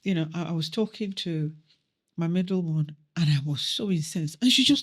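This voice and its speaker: A middle-aged woman from Nigeria, speaking a little low in her range. She tells personal stories as a podcast guest. She acts out the voices of the people she quotes with lively energy. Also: moderate pace. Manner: animated storyteller who acts out quoted dialogue. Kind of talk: storytelling in a podcast interview.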